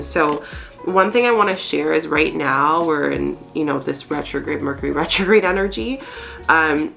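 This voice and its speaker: Low gravelly woman reading cards. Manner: warm, laughing, chatty, mixes fast and slow stretches. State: just woke up, morning voice. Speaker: spiritual channel host, tarot reader. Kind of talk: casual spiritual card reading.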